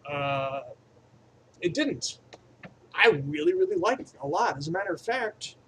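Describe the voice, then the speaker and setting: A man's voice: fairly high pitch, animated, unhurried, slight background noise, low-quality recording. Crude, rambling man reviewing a movie. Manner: crude and profane, rambling aside-heavy delivery; enthusiastic, swinging between loud bursts and mumbled asides.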